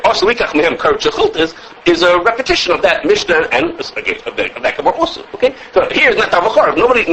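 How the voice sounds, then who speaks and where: A fast-talking man teaching a class, his voice a touch high and swinging widely up and down. He keeps repeating words and checking in with "okay?" as he goes. Faint noise sits under the voice. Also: poor audio. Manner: animated, repeats words, asks "okay?" often. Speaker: Torah teacher. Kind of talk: halacha class lecture.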